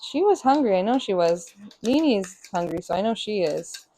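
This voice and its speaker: A woman's voice: lively intonation, moderate pace, dark tone. Chatty woman cooking on a stream. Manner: chatty, talks to her cats in a high sing-song baby voice. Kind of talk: casual cooking stream chat. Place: home kitchen.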